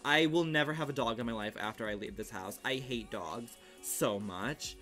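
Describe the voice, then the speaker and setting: A young man telling a story casually on his livestream at home, in a rapid, animated, filler-heavy way with swearing. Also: mid-range voice, faint music behind.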